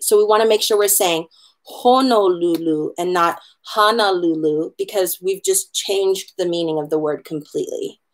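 A woman leads an online hula lesson in a friendly, talkative way, with a voice of ordinary middle pitch. She encourages her students and slows right down whenever she spells out words letter by letter. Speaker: hula instructor. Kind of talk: online class lesson on pronunciation.

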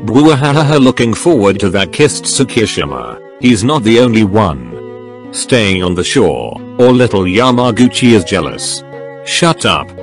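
A man's voice: on the low side, very animated, measured pace, soft background music. Synthetic male voice reading a chat story. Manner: reads every character in one voice, spells out text slang.

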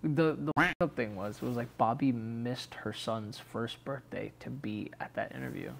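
A young man co-hosting a podcast swaps stories in loose, slangy conversation, laid-back and constantly saying "bro" and "dude." His voice is medium-pitched and gravelly at a moderate pace, with a little hiss or hum in the audio.

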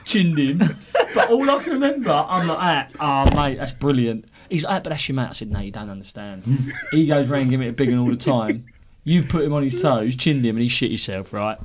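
A man telling comic stories on a podcast, animated and laughing as he goes. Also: medium pitch, brisk, noisy background. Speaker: podcast co-host. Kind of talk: comic storytelling.

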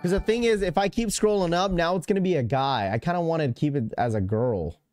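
A man's voice: on the high side, fairly quick, darkish tone, no room sound, clean studio sound, faint music behind. A man hosting a live stream, talking casually and rambling to his chat. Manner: rambling, chatty, talks straight to chat. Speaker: livestream host.

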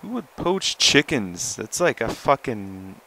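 A young man giving casual gameplay commentary, goofy and swearing, who often jumps into high excited yelling. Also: takes it slowly, gravelly, rough recording. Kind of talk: casual let's-play commentary.

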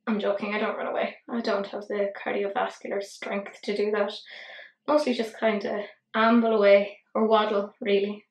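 A woman's voice: mid-range voice, flat delivery, moderate pace. A tired woman chatting casually through a makeup tutorial, rambling, swearing and poking fun at herself. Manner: rambling, sweary, self-deprecating. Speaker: beauty vlogger. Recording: roomy echo.

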